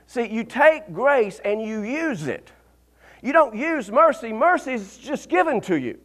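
A man preaching a sermon as a pastor, swinging between fervent peaks and quiet asides and often laughing as he talks. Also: very high voice, very animated, unhurried. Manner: laughs often mid-sentence.

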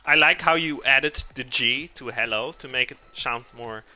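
Man, cooking stream host, chatty, talks to chat while he cooks, very bright tone, soft music behind. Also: mid-range voice, normal speed.

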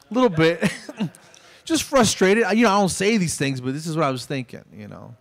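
A man's voice: fairly high pitch, lively intonation, brisk, creaky. A man in his fifties doing a stand-up comedy routine on a small club stage, telling stories and acting out both sides of each exchange.

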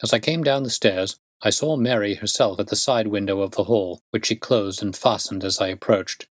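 A man reading a classic detective story aloud in a measured, steady narration. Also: on the low side, dry recording. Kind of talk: audiobook narration.

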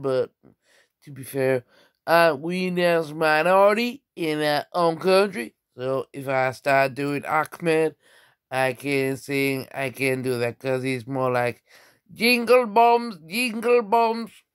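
A man's voice: mid-range voice, smooth, no echo, clean studio sound. A tipsy man rambling and swearing through a casual comedy vlog. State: tipsy from drinking.

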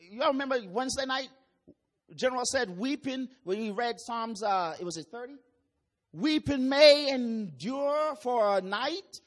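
A man with a Jamaican accent preaching a sermon, reading scripture slowly and deliberately and breaking into sudden loud calls. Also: very high voice.

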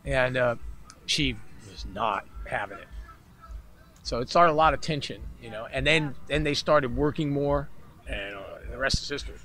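This man, a musician being casually interviewed at a festival, has a medium pitch and an ordinary pace. He spins stories animatedly, voicing the other people in them himself.

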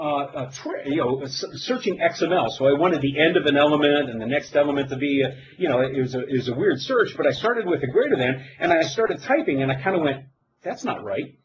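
A man's voice: on the high side, lo-fi sound, noisy background. A middle-aged man giving a technical demo, telling stories with self-deprecating jokes. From United States. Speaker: technical presenter. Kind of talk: live demo presentation.

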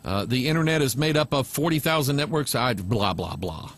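A man's voice: medium pitch, lively intonation, fairly quick, a bit bright. An American man hosting a talk radio show, reading news stories aloud and breaking in with emphatic, sarcastic asides.

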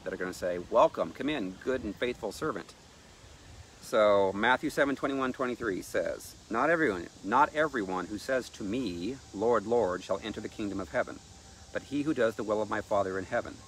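A man preaching with a fairly low voice, pressing each point hard and reading scripture aloud. Faint noise sits behind his voice. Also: normal speed, fairly bright tone. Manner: emphatic, reads scripture aloud. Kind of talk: sermon-style teaching.

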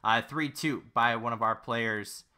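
A man giving casual commentary while playing a video game, reacting out loud and talking himself through each move. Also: medium pitch, a little slow. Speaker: gaming YouTuber.

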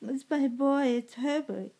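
A woman's voice: high voice, unhurried, vocal fry, mellow, voice pushed up. A woman reading aloud, voicing a desperate grieving old mother who cries out and pleads. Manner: crying out, pleading.

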